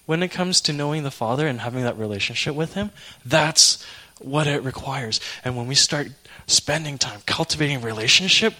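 A young man preaching a sermon, telling an emotional personal story in an animated way. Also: medium pitch, normal speed.

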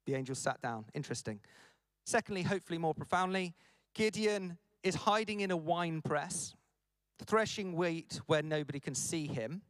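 Male preacher, high-ish voice, dry close sound, playful delivery. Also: moderate pace, no echo. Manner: animated, jokey, acts out quoted lines. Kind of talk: conference sermon.

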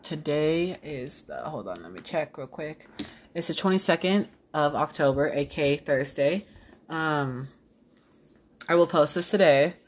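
Young female podcaster, low-pitched, late-night rambling, self-deprecating, lots of "um" and "like". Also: expressive, a little slow. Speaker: podcast host. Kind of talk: casual solo podcast.

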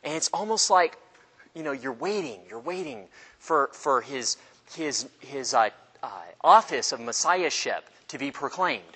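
A man teaching an informal Bible study class, animated and joking, acting out the people in the stories. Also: mid-range voice, a little slow, husky, in a large hall. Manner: animated, jokey, acts out voices of people in the story.

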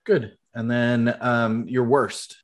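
A man's voice: mid-range voice, little pitch movement, slow pace. A man running a tabletop game as game master, explaining rules patiently with lots of fillers.

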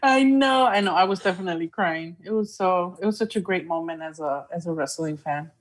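A woman co-hosting a podcast in casual chat, talking in an excited, emotional way and laughing often. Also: lowish voice, brisk. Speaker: podcast co-host.

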